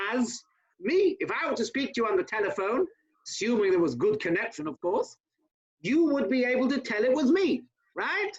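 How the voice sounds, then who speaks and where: A man, a rabbi, teaching an informal class over a video call, talking fast with chatty asides to his listeners. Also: very high-pitched, breathy edge, highs cut off.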